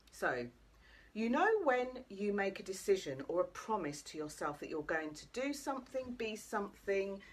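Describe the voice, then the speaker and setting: Lively, husky woman coach. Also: mid-range voice. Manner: chatty, cheeky, addresses viewers directly. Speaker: life coach. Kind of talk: live motivational talk to viewers. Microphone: camera.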